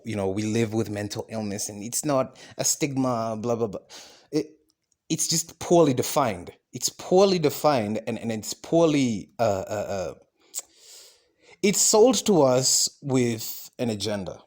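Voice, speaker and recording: His voice is mid-range, expressive, and a bit mellow, and he speaks a little slowly. Alone on his own podcast, the host rambles, curses freely, restarts often amid fillers, and keeps saying "right?"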